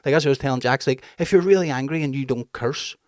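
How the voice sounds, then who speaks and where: A man's voice: mid-range voice, fast, no room sound, studio quality. A man, co-hosting a casual talk show and telling stories about his kids with plenty of swearing. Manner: swears freely, animated storytelling. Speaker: podcast co-host. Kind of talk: casual chat.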